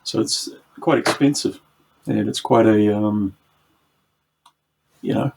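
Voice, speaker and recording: A man's voice: lowish voice, fairly even intonation, slow, creaky, a little mellow, a little hiss or hum. A man with a New Zealand accent, chatting casually as a podcast guest, with many ums and restarts. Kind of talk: casual chat.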